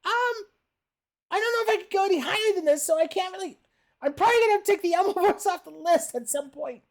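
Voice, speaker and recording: During gaming livestream commentary, a woman puts on a pinched, strained falsetto to impersonate a furry red puppet monster who refers to himself in the third person. She talks fast, and the mood is strained and silly.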